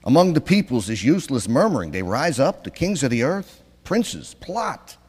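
A Brooklyn-accented reader, as a preacher puts him on, declaiming scripture with mock grandeur. His voice swings widely in pitch and rings through a reverberant hall. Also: big pitch swings, moderate pace, a little mellow, husky. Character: man reciting a psalm in a Brooklyn accent. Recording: long church reverb.

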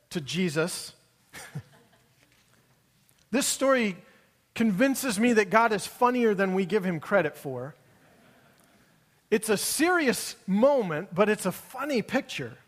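A man's voice: high voice, a bit bright, in a large hall. A man preaching a sermon as a pastor, in a conversational, wry storytelling manner that acts out the quoted lines.

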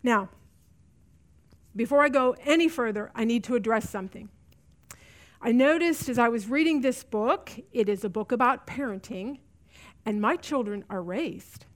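A woman's voice: fairly high pitch, expressive, moderate pace, pauses often. A middle-aged woman teaching a women's Bible study, earnest and repeating key lines for emphasis. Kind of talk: teaching talk to a women's group.

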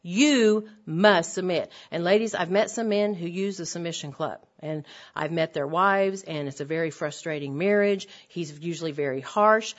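A woman's voice: fairly low pitch, moderate pace. A middle-aged woman giving an earnest, emphatic church lecture to women, repeating her key phrases. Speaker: women's Bible teacher. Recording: dull lo-fi lecture recording.

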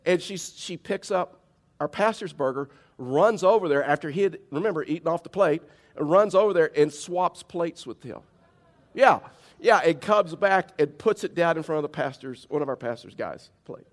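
A man preaching a sermon as a pastor, telling stories in a plain-spoken, conversational way. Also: on the high side.

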